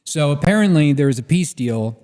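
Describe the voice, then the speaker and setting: A man's voice: fairly high pitch, expressive, a little fast, a little mellow. A man co-hosting a casual political discussion, blunt and offhand, swearing freely. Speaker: podcast co-host.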